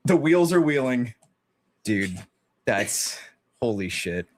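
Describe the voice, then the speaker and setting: Animated, cursing male stream host. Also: mid-range voice, slow. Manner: profane, animated, laughs often. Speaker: podcast host. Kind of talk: casual live-stream chat.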